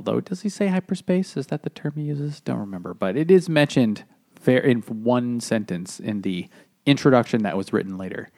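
A man co-hosting a casual podcast, thinking aloud in a deadpan way. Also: mid-range voice, moderate pace. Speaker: podcast co-host. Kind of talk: casual chat over beers.

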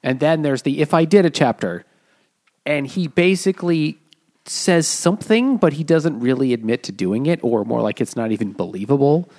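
A man's voice: fairly high pitch, animated, moderate pace, darkish tone. Man earnestly summarizing a book. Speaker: podcast co-host. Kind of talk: casual comedic book chat.

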